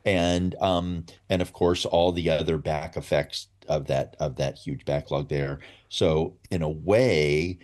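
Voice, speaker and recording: Very deep-voiced blunt man. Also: steady tone, takes it slowly, hardly any pauses, darkish tone. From United States. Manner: blunt and opinionated, with dry laughs. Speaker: commentator, former public radio editor. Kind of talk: radio interview commentary.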